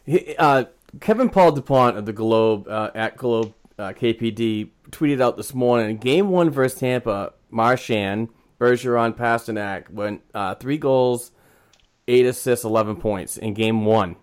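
A man's voice: medium pitch, measured pace, smooth. A man co-hosting a podcast, hesitant with many fillers, reading out numbers enthusiastically. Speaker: podcast co-host. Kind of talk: casual sports chat.

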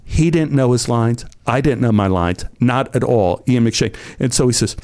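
An older man, an actor guest, telling animated anecdotes and acting out the voices of people he quotes. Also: mid-range voice, moderate pace. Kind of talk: anecdotal storytelling.

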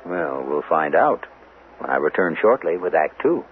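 A man's voice: rumbling low, sing-song, moderate pace, heavy background noise. A man hosting and narrating a radio mystery drama with wry, theatrical storytelling. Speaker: host and narrator. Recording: narrow-band old radio broadcast with music.

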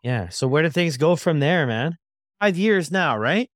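A man's voice: fairly high pitch, lively intonation, unhurried, no echo, studio quality. A man hosting a podcast, affirming his guest and asking what came next. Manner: encouraging, affirming. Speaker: podcast host. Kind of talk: interview questions.

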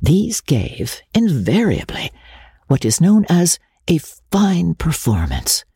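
A woman with a husky voice narrating a novel in a measured, expressive way. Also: lowish voice, no echo, clean studio sound. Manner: measured, expressive literary reading. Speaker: audiobook narrator. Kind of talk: scripted narration.

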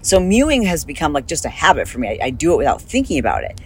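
A woman podcast host chatting casually in a car, rambling and animated, with a slight lisp from recent dental work. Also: deep voice, quick pace, breathy edge, rough recording. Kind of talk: casual chat, recorded on the go.

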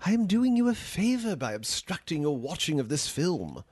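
A man's voice: a little high, very animated, normal speed, a little mellow, slightly rough, no room sound, studio quality. A man voicing a male AI chatbot in a comedy sketch, pompous and condescending with theatrical flair. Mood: haughty. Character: snooty, sarcastic male AI chatbot.

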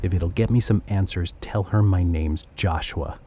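A man's voice: low-pitched, moderate pace, warm tone, a little hiss or hum, close to an everyday voice. An actor playing a proud, irritable male alien prisoner who lives inside a human's mind, speaking with contempt in an audio drama. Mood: scornful. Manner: contemptuous and indignant.

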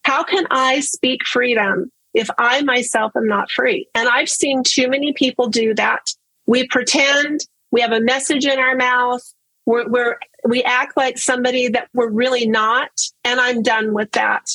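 A woman's voice: on the high side, steady tone, measured pace, sharp tone, breathy edge, no room sound, low-quality recording. A woman telling her personal story in casual conversation, earnest and open, often repeating words for emphasis. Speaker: guest sharing her story.

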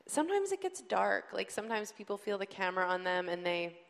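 A woman's voice: medium pitch, fairly quick, vocal fry, in a large hall. A woman telling stories on a live comedy panel, chatty and laughing as she goes. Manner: chatty, laughing, animated storytelling. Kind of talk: panel Q&A, casual storytelling. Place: live panel in a large venue.

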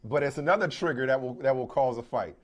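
A married man co-hosting a sports talk show, arguing in a lively, incredulous way and acting out scenes. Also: medium pitch, quick pace. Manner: lively, incredulous, acts out arguments. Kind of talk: animated sports debate.

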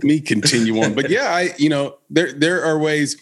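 A man's voice: on the high side, lively intonation, moderate pace, a bit bright, breathy edge. A man hosting a podcast, chatting casually and joking with his co-host. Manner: joking, tells stories with funny voices.

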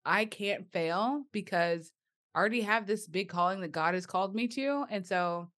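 Woman host, mid pitch, affirming, casual interview chat. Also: moderate pace, fairly bright tone.

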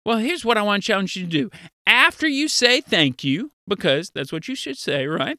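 Upbeat man teaching kids with a bright voice. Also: high voice, normal speed, no room sound, studio quality. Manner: lively, playful, talks straight to kids. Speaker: children's Bible teacher. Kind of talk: kids' Bible lesson.

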